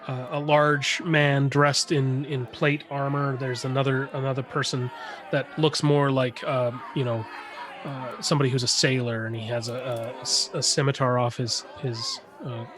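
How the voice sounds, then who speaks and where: Halting male game master. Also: mid-range voice, steady tone, over music. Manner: halting, many fillers and restarts. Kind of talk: narrating a tabletop game.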